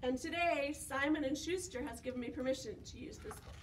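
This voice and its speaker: A woman's voice: sits high, a little fast. A woman, a children's librarian, reading a picture book aloud at preschool storytime, asking the kids questions and gasping for effect. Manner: animated, asks kids questions, gasps for effect. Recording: distant mic with faint background noise.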